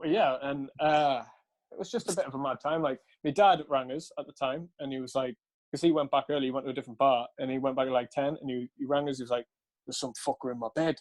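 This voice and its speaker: Young guy rambling through a story, swears a lot, lots of ums and laughs, mid pitch. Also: steady tone, fast. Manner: rambling, laughing, swears freely, many fillers. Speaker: podcast co-host. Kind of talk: casual storytelling chat.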